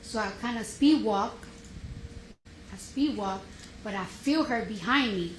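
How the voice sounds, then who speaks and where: A woman's voice: mid-range voice, animated, a little slow. A woman testifying on the witness stand, casually and animatedly retelling a heated argument and acting out her own lines. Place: courtroom. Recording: echoey courtroom feed with hiss.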